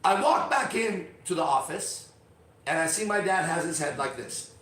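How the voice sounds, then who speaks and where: A middle-aged man telling a personal story on a podcast, emphatic and profane, swinging from quiet to loud. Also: on the high side, animated, moderate pace, far from the mic. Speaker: podcast host. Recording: roomy echo, off-mic.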